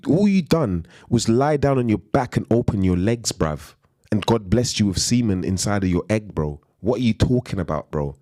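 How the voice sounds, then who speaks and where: A man's voice: fairly low pitch, dark tone, husky, dry recording. A man ranting on a live stream in a heated, emphatic way, repeating slang tags as he goes.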